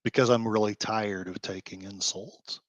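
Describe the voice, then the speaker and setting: A man hosting his own commentary show, ranting with feeling, sighing and breaking into quick heated outbursts between quieter stretches. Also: fairly low pitch, fairly even intonation, no echo, highs cut off. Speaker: blogger host. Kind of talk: emotional commentary rant.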